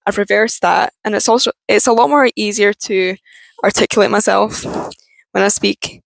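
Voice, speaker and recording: A young woman with a Scottish accent, talking frankly and haltingly in a personal vlog. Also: mid-range voice, fairly even intonation, gravelly, dry recording, rough recording. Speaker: vlogger.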